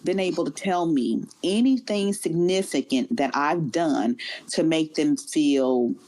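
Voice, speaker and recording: A woman from Chicago, a guest on a talk show, speaking earnestly and quickly in a low voice. She often stops and repeats words as she works to get her point across. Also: darkish tone. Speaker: guest, airline professional. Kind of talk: casual interview talk.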